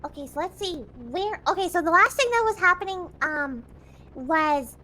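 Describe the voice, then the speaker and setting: A woman's voice: extremely high pitch, animated, moderate pace, sharp tone. A woman hosting a game stream, chatting casually, giggling often and explaining the story to her co-hosts. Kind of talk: casual chat.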